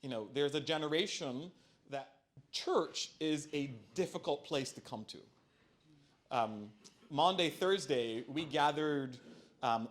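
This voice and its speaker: A middle-aged man serving as bishop answers a parishioner's question at a church forum, chatting with ums and self-deprecating jokes. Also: mid-range voice. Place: church hall.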